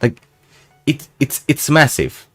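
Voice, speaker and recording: A man's voice: medium pitch, sing-song, slow, faint music behind. Man, young adult, casual vlog chat, rambling, self-mocking. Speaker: gaming YouTuber.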